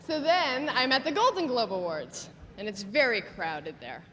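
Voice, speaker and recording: A woman's voice: fairly high pitch, expressive, moderate pace, background noise. A woman presenting at an awards show, telling a playful, gossipy comic story on stage. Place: large theater stage. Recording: echoey hall with a loud audience.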